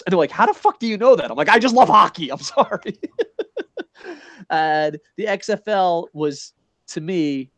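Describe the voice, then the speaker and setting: A middle-aged man hosting a casual podcast, talking in long, rambling runs full of swearing and fillers. His voice sits a little high, and the recording is dry and close. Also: no room sound. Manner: rambling, profane, enthusiastic, lots of "you know what I mean". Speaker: podcast host. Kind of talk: casual wrestling podcast chat. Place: Japan.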